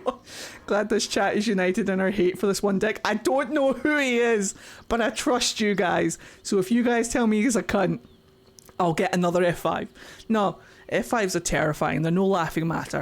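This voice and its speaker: A woman's voice: medium pitch, expressive, normal speed. A woman live-streaming a game, chatting with viewers in a crude, giggly way and laughing often. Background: game music.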